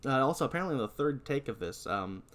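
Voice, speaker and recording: A man's voice: medium pitch, lively intonation, quick pace, fairly bright tone. A man co-hosting a podcast, casually recapping a horror movie plot. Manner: narrates plot, laughs a lot. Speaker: podcast co-host.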